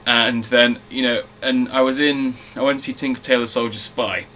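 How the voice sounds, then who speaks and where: A man's voice: mid-range voice, steady tone, moderate pace, sharp tone, a little hiss or hum. A man co-hosting a casual film review chat, talking in a chatty way and swearing freely.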